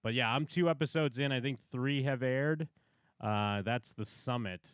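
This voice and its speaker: Guy on a podcast, smooth clear voice, dry close sound, acts out the people he's quoting. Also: mid-range voice, moderate pace, no echo. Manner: animated storytelling, acts out quotes. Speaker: podcast co-host. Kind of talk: casual chat.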